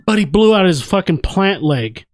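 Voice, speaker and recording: A man's voice: sits high, lively intonation, normal speed, a little hiss or hum. A man co-hosting a fight watch-party podcast, swearing freely and circling back to the same argument again and again. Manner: profane, repeats his point insistently. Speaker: podcast co-host. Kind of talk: casual chat.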